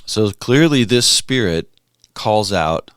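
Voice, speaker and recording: Low-voiced man musing on scripture. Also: expressive, takes it slowly, a bit bright, clean tone, dry recording, studio quality. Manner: musing, conversational, thinks aloud with restarts. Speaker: podcast host. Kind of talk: contemplative scripture reflection.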